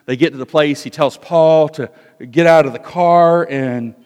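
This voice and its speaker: A male pastor preaching an expository sermon, moving between loud emphasis and hushed asides. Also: a little high, unhurried, clean tone. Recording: long hall reverb.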